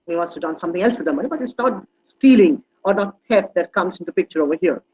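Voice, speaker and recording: A man's voice: high-pitched, animated, fast, a little mellow, slightly rough, lo-fi sound. A man giving an online teacher-training talk, hesitant with many fillers and restarts, and leaning hard on stressed words when he demonstrates them. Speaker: guest speaker on language teaching.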